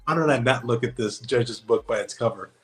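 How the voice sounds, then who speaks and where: A man's voice: medium pitch, fairly quick, fairly bright tone, poor audio. A man guesting on an interview podcast, telling his stories in an easygoing, anecdotal way and acting out the dialogue. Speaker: guest, former Navy special operator. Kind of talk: casual interview storytelling.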